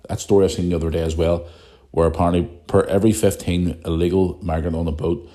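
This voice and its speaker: A man's voice: sits low, level tone, fast, warm tone. A Northern Irish man in his thirties hosting a solo podcast, speaking bluntly, swearing and repeating himself, with a sore throat. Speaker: podcast host. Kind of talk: solo podcast rant and listener questions.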